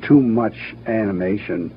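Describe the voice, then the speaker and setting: An older man, a cartoon producer and director, telling stories in an interview with a brisk, anecdotal manner. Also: fairly low pitch. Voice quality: brisk, anecdotal, acts out quotes. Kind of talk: interview, reminiscing. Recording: dull archival recording with faint hiss.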